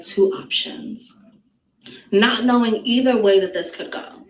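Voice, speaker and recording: A woman telling a personal story in an animated, dramatic and profane way. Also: a little high, a little slow, muffled recording. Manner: dramatic, breathless, frank and profane. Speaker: storyteller in a played clip. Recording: roomy echo, distant mic, faint noise.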